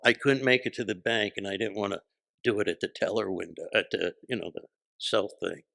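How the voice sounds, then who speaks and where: A man's voice: lowish voice, brisk, gravelly, no echo. A man from New Jersey, a podcast guest, telling laid-back stories in casual chat. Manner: laid-back anecdotes with animated quoted voices.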